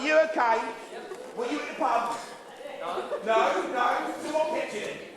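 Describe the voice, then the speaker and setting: A man's voice: very high voice, a little slow, pauses often, a crowd in the background. A man compering a live comedy melodrama, cheekily teasing the audience from the stage. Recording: echoey theatre recorded from far off, audience noise. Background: audience laughter.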